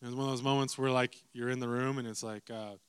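A man's voice: medium pitch, fairly even intonation, quick pace, smooth, dry recording. A young adult man preaching a sermon, telling a story with lots of repeated asides to the listeners. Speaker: pastor.

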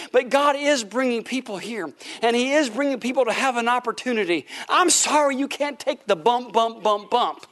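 Animated high-voiced preacher man. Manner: animated storytelling, acts out voices, laughs often. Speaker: pastor. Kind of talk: sermon.

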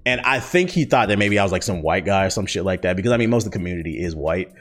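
A young man with a fairly low voice rants bluntly to his viewers, swearing freely as he answers their questions. His casual, heated delivery has faint music underneath. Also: animated, very fast. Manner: profane, blunt, heated storytelling. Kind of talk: casual rant.

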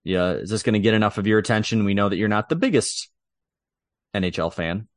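A man's voice: fairly low pitch, a little fast, no echo, studio quality. A man co-hosting a podcast, chatting casually and with opinions about sports, laughing easily. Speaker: podcast co-host.

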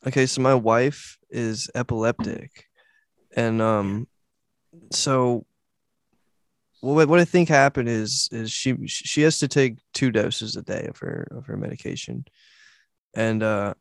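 A man's voice: mid-range voice, clean tone, no echo, studio quality. Casual man telling a story on a podcast. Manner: casual, many fillers and restarts, quotes voices. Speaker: podcast host.

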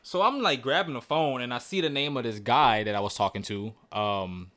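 A man's voice: medium pitch, moderate pace, a bit bright. A man in his twenties co-hosting a podcast, telling a story in a blunt, profane, casual way. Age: 20s. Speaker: podcast co-host.

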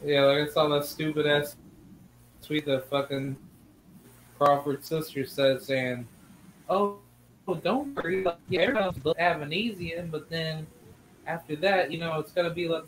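A man's voice: fairly high pitch, steady tone, normal speed, a little hiss or hum, poor audio. A man on a podcast, talking scornfully in casual chat. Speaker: podcast co-host.

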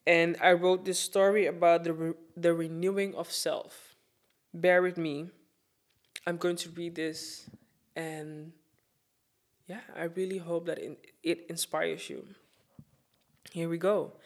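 Woman, vocal fry, earnest, reflective, heartfelt talk with pauses. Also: fairly low pitch, flat delivery. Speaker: host sharing a Women's Day message. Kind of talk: heartfelt personal talk and reading.

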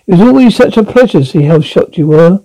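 A man's voice: high-pitched, animated, fast, mellow, poor audio. A man voicing a vain, touchy old male owl who grumbles fussily in a storybook reading. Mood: grumbling. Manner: grumbling, fussy.

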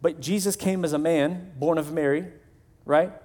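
A man's voice: a little high, fairly even intonation, moderate pace, dark tone. A male pastor preaching a sermon in a conversational way, acting out the voices of the people he quotes.

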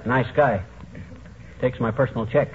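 An actor playing a boastful, blustering middle-aged husband with pompous speechifying, in a 1940s radio comedy. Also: male voice, medium pitch, steady tone, moderate pace, close to an everyday voice. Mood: blustery. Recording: tinny old radio broadcast, faint hiss.

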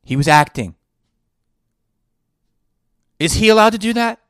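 A man's voice: high voice, animated, a little slow, clean tone, no echo, studio quality. Indignant man ranting on a podcast. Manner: indignant, sarcastic rhetorical questions. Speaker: podcast host and actor.

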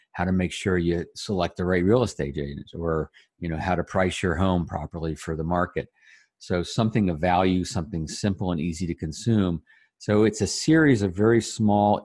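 A man speaking as an interview guest, giving conversational advice through folksy, animated examples. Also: sits low, no room sound, studio quality. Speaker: interview guest, referral coach.

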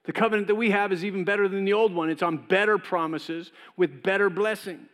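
Fairly quick and fairly bright, this high-pitched man preaches in a church with a big-room sound. His conversational sermon includes brief acted voices of God and Cain.

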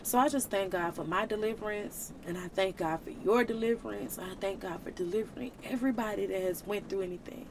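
A woman's voice: mid-range voice, a little fast, hardly any pauses, noisy background. A woman hosting a faith podcast, speaking in an earnest, emotional, preaching way, with casual slang. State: tearful at times. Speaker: podcast host.

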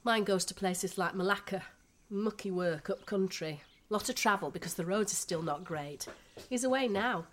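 A woman's voice: mid-range voice, moderate pace, fairly bright tone, close to an everyday voice. A woman playing a blunt Yorkshire housewife. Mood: chatty. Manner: blunt, gossipy, down-to-earth. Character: frank chatty Yorkshire expat housewife and mother. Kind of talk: radio drama acting.

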